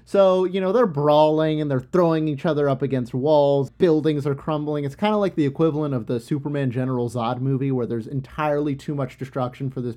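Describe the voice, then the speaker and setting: A man with a warm, relaxed voice tells an ancient tale as a casual chat. He talks loosely and jokes, with plenty of "you know" and "like". Now and then he slips into quick voices for the characters. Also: on the high side. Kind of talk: casual retelling of an ancient epic.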